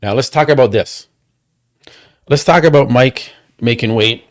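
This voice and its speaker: A man hosting a livestream, ranting angrily with heavy swearing and repeated rhetorical questions. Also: medium pitch. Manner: profane, heated, rapid repetitions and rhetorical questions. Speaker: livestream host. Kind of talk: angry watchalong rant.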